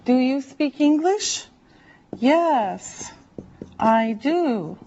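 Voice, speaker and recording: A woman teaching an English class, speaking slowly and deliberately and drawing out words for her learners. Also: sits high, lively intonation, mellow, a little hiss or hum. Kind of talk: slow classroom instruction. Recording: dull lo-fi classroom recording.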